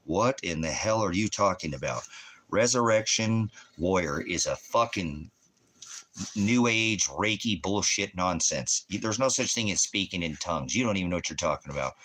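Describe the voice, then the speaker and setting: Ministry host, male, angry profane ranter, low-pitched tense voice, combative. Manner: angry, scornful, loud and combative. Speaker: ministry host reading viewer comments. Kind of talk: profane livestream rant.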